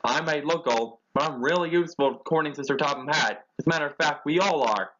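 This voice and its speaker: A man voicing a proud, quick-tempered old male steam engine who defends himself, in a dull lo-fi recording. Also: on the high side, fairly bright tone. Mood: indignant. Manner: indignant and defensive.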